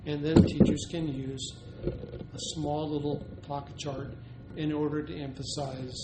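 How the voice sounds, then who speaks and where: A man's voice: a little high, flat delivery, a little slow. Man explaining a classroom teaching method. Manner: explanatory, with frequent ums and uhs. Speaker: teacher educator. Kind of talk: instructional demonstration. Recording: noisy recording.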